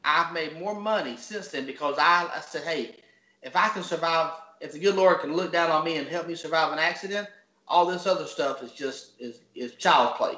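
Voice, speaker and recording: A man's voice: on the high side, normal speed, sharp tone. A man with a Georgia Southern accent, a guest speaking in a folksy, motivational way on a podcast interview. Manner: folksy, motivational, restarts sentences. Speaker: guest, app founder. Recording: echoey, dull lo-fi audio.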